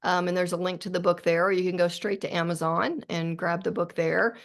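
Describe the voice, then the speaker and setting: Low gravelly-voiced middle-aged woman. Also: fairly even intonation, a little fast. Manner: earnest, reflective, with frequent restarts. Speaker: author guest. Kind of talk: podcast interview.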